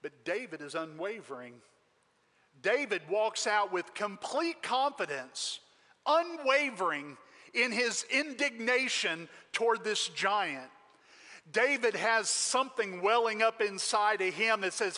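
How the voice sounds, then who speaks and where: A male pastor preaches with emphatic storytelling, his voice high-pitched and bright. A long reverb from the sanctuary trails every phrase. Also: animated, unhurried. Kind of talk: sermon.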